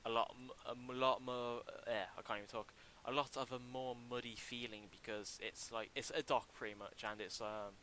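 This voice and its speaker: A young man casually commenting on a livestream while building a game level, talking in a halting, chatty way with many ums and restarts into a desk mic. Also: mid-range voice, steady tone, pushed and bright, slight background noise, rough recording.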